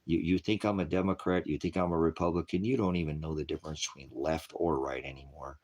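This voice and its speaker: A man ranting angrily on a live stream, swearing heavily and preaching to his viewers as brothers and sisters. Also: low-pitched. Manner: profane, heated, scolding. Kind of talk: angry live-stream rant.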